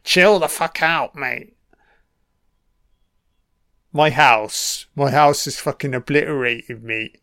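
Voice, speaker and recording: A man's voice: medium pitch, slow pace, pauses often, fairly bright tone, no room sound, studio quality. A British man giving an audio commentary over a film, swearing constantly and heckling the characters on screen.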